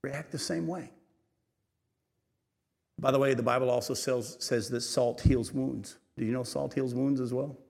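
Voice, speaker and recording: A man preaching a sermon. He reads scripture aloud, comments on it, and swings between raised and hushed delivery. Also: medium pitch, steady tone, measured pace, vocal fry, long pauses. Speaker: pastor. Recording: reverberant hall.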